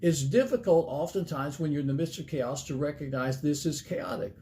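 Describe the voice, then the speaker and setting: Earnest middle-aged male pastor, mellow tone. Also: fairly high pitch, normal speed, slight background noise. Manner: earnest, numbered points with folksy stories. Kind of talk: sermon.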